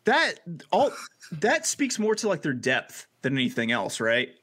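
A man co-hosting a casual sports podcast, animated, with halting restarts and emphatic swearing. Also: fairly high pitch, breathy edge, dry recording. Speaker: podcast co-host.

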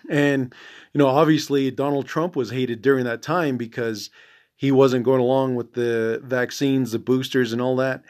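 A man's voice: medium pitch, steady tone, moderate pace, a little mellow. Blunt, profane man rambling on a podcast. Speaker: podcast host. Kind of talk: casual monologue.

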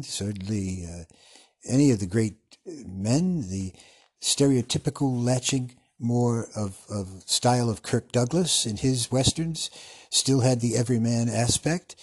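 A man hosting a podcast in a casual, rambling monologue, often losing his train of thought and restarting, with a husky voice. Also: medium pitch, darkish tone. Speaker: podcast host.

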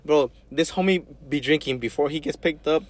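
A man's voice: on the high side, normal speed. A young man co-hosting a casual podcast in a car, teasing his friends, laughing and stammering as he talks. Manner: teasing, laughs a lot, stammers when excited. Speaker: podcast co-host.

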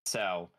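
A man as game master, narrating a tabletop game in an easygoing, hesitant way with many fillers. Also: a bit bright.

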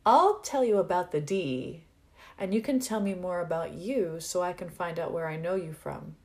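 A woman's voice: lowish voice, normal speed, a little mellow, natural voice. A woman doing a flustered, charming college guy. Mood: bashful. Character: flustered, charming young male college student.

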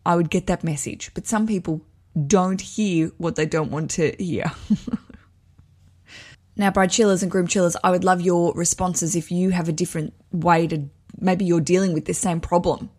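A woman's voice: fairly low pitch, steady tone, normal speed, a little mellow. Woman host, frank and profane, digresses and laughs at herself while she gives wedding advice. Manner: candid, swearing, self-mocking. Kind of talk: casual chat reading listener letters.

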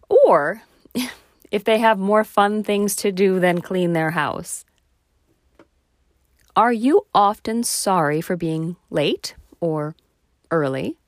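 In a clean, dry studio recording, a lowish-voiced woman addresses her audience head-on. Her musing monologue pokes fun at herself and keeps posing rhetorical questions to the listener.

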